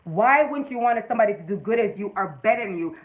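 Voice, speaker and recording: A woman's voice: medium pitch, lively intonation, quick pace, phone-quality sound, a little hiss or hum. A woman hosting a casual livestream, giving motivational advice and greeting viewers by name. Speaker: livestream host.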